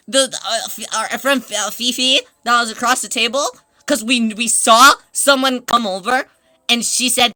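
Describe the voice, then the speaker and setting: A woman streamer in casual stream chat, an excitable storyteller who stumbles, restarts, swears and laughs often. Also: medium pitch, moderate pace, dry recording, faint music behind.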